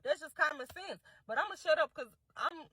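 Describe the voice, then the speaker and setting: A young woman rants bluntly and with exasperation. Her voice sits high and sounds bright and sharp. The recording is dry and close. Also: expressive, a little fast, no room sound, rough recording. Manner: blunt, exasperated, heavy slang. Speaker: commentator. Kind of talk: casual reaction commentary.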